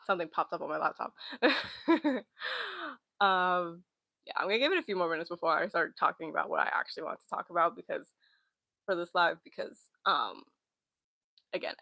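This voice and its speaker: Young woman, twenties, casual streamer; yappy and giggly, bright tone, close and dry. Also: on the low side, creaky, dry recording. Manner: rambling, chatty, giggly. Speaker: livestream host. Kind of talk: casual livestream chat. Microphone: laptop mic.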